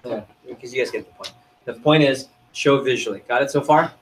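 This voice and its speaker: A man's voice: mid-range voice, a little fast, rough recording. A man running a sales training seminar, coaching the group and firing questions at them.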